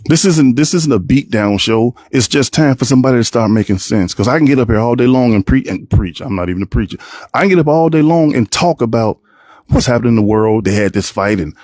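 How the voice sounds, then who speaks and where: Animated husky man hosting a podcast. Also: medium pitch, fast talker, no echo, faint music behind. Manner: animated, plays out quoted voices, rambling restarts. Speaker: podcast host. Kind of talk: solo opinion talk to viewers.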